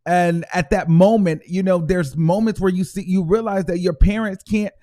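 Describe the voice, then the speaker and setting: A man's voice: sits high, steady tone, moderate pace, warm tone. A man hosting his own vlog, talking in a rambling, emotional way, full of fillers and restarts. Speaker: show host. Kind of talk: casual vlog commentary.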